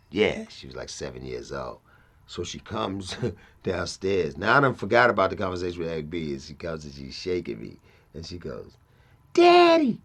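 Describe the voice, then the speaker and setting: A man's voice: rumbling low, creaky, slightly rough. A middle-aged man telling a profane story in casual talk, acting out other people's lines. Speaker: interview guest.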